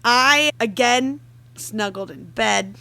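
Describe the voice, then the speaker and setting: A young woman co-hosting a book club podcast, talking about the story in a gushing, emotional, animated way. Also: fairly high pitch, slow, vocal fry. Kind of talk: casual book chat.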